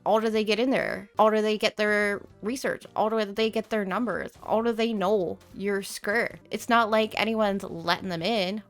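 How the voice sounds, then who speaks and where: A woman's voice: mid-range voice, fairly bright tone. A woman hosting a video game let's play, chatting in a bubbly, rambling way with tongue-in-cheek conspiracy jokes. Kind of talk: casual gameplay commentary.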